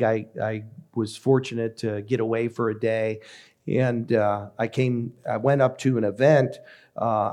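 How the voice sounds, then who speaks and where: A man who is a pastor, preaching a sermon in a measured, emphatic way with deliberate pauses. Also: mid-range voice, a little mellow.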